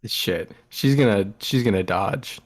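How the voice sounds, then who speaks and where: A man's voice: fairly low pitch, measured pace. A man playing in a tabletop game, describing his character in a dry, offhand way. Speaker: player. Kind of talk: casual tabletop game play.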